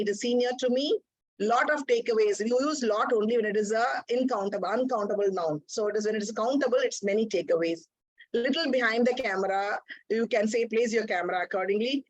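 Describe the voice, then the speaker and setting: A woman giving a brisk grammar report at a club meeting, listing words and correcting usage over a video call. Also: fairly high pitch, no room sound, low-quality recording.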